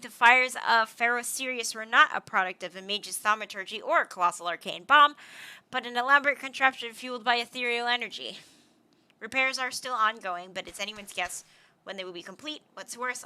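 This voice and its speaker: A woman's voice: on the high side, bright, forceful tone, low-quality recording. A woman reading a formal, scheming quest-giver. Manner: formal, old-fashioned speech.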